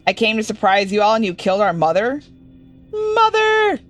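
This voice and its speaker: A woman's voice: medium pitch, fairly even intonation, fast, faint music behind, lightly acted. A woman voicing a shocked young brother, reading his lines aloud in her own voice.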